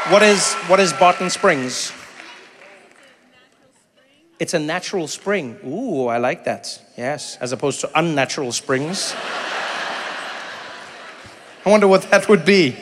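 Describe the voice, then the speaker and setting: A man from South Africa doing stand-up comedy and crowd work, playful and animated, often acting out other voices. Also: on the high side, noisy background. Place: theater stage before an audience. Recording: live venue with long reverb.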